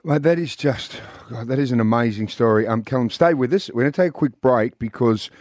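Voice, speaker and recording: A man's voice: mid-range voice, a little fast, darkish tone. A man hosting a radio interview, calling his guest "mate". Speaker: radio host.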